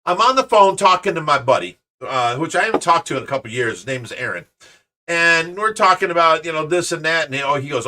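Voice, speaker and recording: A man hosting a show, telling a story in casual chat, animated and restarting his sentences often. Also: on the high side, fast talker. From Ohio, USA. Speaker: show host. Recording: voice a bit far from the mic.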